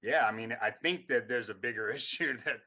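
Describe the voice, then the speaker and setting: A man's voice: mid-range voice, a little fast, pushed and bright. A man, a guest on a talk show, speaking in casual conversation, searching for words and often restarting his sentences.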